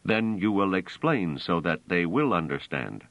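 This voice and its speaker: A man voicing a cold, commanding humanoid guard robot that questions its prisoners in a flat, literal manner. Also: low-pitched, unhurried, no room sound, full character voice. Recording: dull, dry audio.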